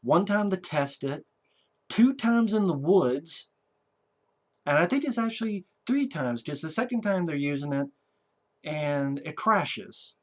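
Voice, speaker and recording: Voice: medium pitch, very animated, unhurried. A film reviewer giving a casual movie review rant, talking in a blunt, sarcastic way with a lot of swearing.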